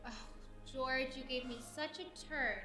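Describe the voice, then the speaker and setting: A teenage girl playing a flustered mother of the groom in a high school stage play. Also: fairly even intonation, a little slow, bright, forceful tone, soft background music. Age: teens. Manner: scolding, flustered. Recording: echoey auditorium from a distance.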